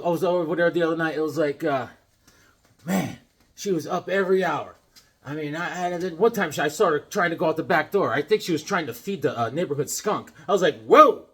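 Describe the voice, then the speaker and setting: A tired, middle-aged man talks through his old comic books in a loose, rambling way, cracking jokes as he goes. His voice sits a bit high for a man. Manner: rambling, joking, reads comic lines aloud. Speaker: comic book collector vlogger. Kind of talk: casual show-and-tell chat.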